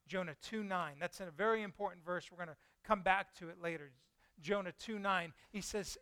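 Bright-voiced man preaching a sermon. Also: sits high, normal speed, clean tone, dry recording. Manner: conversational, asks the congregation questions, acts out quoted voices.

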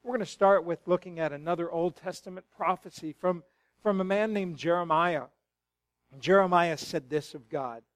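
High-voiced preacher, dry close sound. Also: male voice, moderate pace, dry recording. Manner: builds from hushed storytelling to loud, fervent exclamations. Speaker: pastor. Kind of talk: sermon. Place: church sanctuary.

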